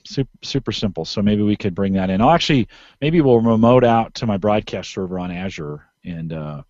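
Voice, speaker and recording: Low-voiced man rambling on a podcast. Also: lively intonation, fairly quick, darkish tone, no room sound, dull audio. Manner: rambling, restarts sentences, emphatic. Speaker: podcast co-host. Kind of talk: casual podcast chat.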